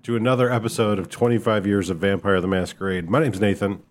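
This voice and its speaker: Midwest guy hosting a podcast, lowish voice, laid back and kinda rambly. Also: fast, noisy background. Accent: Midwestern American. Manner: relaxed, rambling, self-deprecating. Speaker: podcast co-host. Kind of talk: casual chat.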